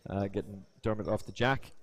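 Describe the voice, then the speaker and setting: A man's voice: on the low side, steady tone, fairly quick. A man commentating live poker, a chatty storyteller who slips into voices.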